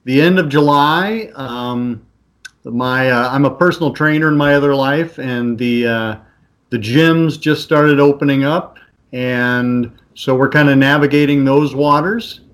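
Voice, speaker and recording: A man who is a podcast guest, chatting casually and telling animated stories, acting out the voices of other people. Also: mid-range voice, a little slow. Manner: animated storyteller, acts out voices in anecdotes. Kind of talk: casual chat, storytelling.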